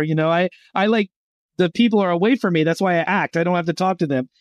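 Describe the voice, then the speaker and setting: A man's voice: sits high, fast talker, dry recording, studio quality. A middle-aged man, a guest on a podcast interview, telling stories with energy and acting out the voices of the people in them. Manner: animated storyteller acting out quoted voices. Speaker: guest speaking for a Christian gap year college.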